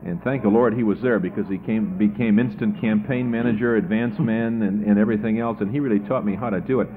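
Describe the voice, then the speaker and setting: Man, tired political candidate, chatty storyteller, low voice, tinny archival radio sound. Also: steady tone, quick pace. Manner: chatty storyteller, repeats words when starting sentences. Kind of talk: radio interview answers.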